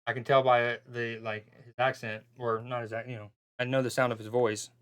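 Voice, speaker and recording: A male streamer chatting casually through a football watchalong, his voice sitting in an ordinary middle pitch. He rambles and cuts himself off mid-thought, sounding bemused as he talks to his viewers. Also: level tone, fairly quick, fairly bright tone, clean tone. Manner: rambling, self-interrupting, bemused. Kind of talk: casual live-stream chat.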